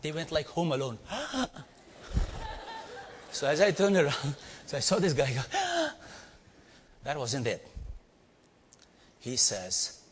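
There's a little hiss or hum behind this mid-range male voice. He's a middle-aged leadership storyteller with an Indian accent, performing in a large echoing hall, tossing playful questions at the audience and imitating sounds.

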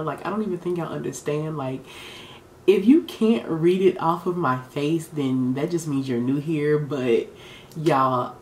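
A woman's voice: deep voice, a little mellow, reverberant, slight background noise. A young woman talking to her camera in a beauty vlog, chatty, sassy and full of slang, sometimes emotional. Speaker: beauty vlogger. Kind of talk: casual chat to camera. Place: room lit for filming. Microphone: camera mic.

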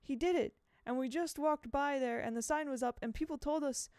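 A woman's voice: medium pitch, measured pace, a little mellow, no room sound, clean studio sound, lightly acted. A woman voicing a nervous, anxious young boy who blurts things out, in an audiobook reading. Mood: upset.

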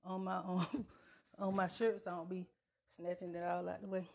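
A home cook livestreams from her kitchen on a lapel mic, chatting with viewers she calls y'all in Southern US Black vernacular. Her voice is fairly low and flat with vocal fry at a moderate pace, and loud background noise and kitchen clatter fill the recording.

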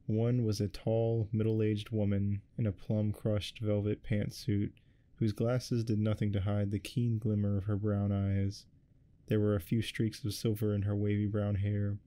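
Deep mellow man reading ASMR. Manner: deadpan, irreverent asides. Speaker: ASMR reader. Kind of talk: soft-spoken ASMR reading.

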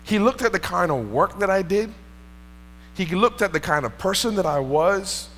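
A man's voice: high voice, animated, moderate pace, a bit bright. A male pastor preaching a sermon in a church, telling a personal story in an earnest, conversational way. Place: church sanctuary. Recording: long reverb in a church hall.

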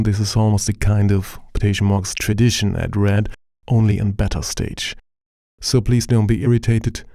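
A man with a German accent presenting a software tutorial in a steady, explanatory way, narrating over a screen recording. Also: lowish voice, no room sound, clean studio sound.

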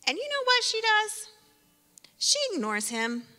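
A woman leads a children's sermon in a church sanctuary, with a playful object lesson and kids called by name. Her voice is high and bright. It trails off in the long reverb of the hall. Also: unhurried. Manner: lively, playful, talks directly to kids by name.

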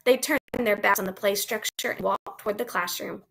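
A woman teacher reading a children's chapter book aloud to her class in a gentle, expressive way. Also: medium pitch, brisk, gravelly, slight background noise.

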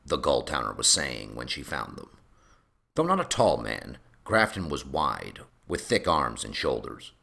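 A male narrator of a fan audiobook reading. His voice is extremely deep and gravelly, with a bright edge, and he moves steadily through the description. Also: wildly swooping pitch, measured pace.

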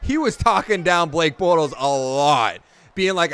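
A high-pitched young man narrating his football game run as a let's play. He gets loud and excitable on big plays, then drops into grumbling complaints. His voice sits well above the usual male range. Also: unhurried, clean tone. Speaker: gaming YouTuber.

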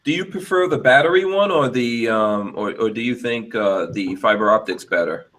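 A man's voice: medium pitch, normal speed, a bit bright. A man in casual podcast chat, asking curious follow-up questions.

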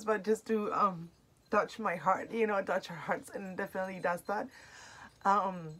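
A woman's voice: mid-range voice, fairly even intonation, a little slow, a bit bright. A woman in her thirties, from Argentina, with a mid-range voice. She talks casually and emotionally through an unboxing, reading the product cards aloud between personal remarks. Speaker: unboxing vlogger.

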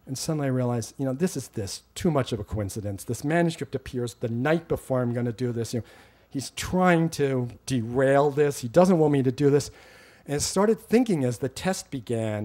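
A man's voice: mid-range voice, mellow. A middle-aged man telling a personal story on stage, wry and self-mocking, getting heated as he retells old arguments.

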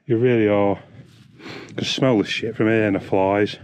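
A man's voice: lowish voice, fairly even intonation, normal speed, a little mellow. A man, ranting angrily and swearing while vlogging on a hiking trail. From England. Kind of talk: angry outdoor vlog.

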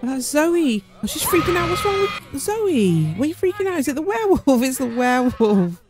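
A woman's voice: high voice, sing-song, a little fast, music in the background. Chatty woman narrating gameplay. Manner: chatty, amused, exclaiming. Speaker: gaming channel host. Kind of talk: gameplay commentary.

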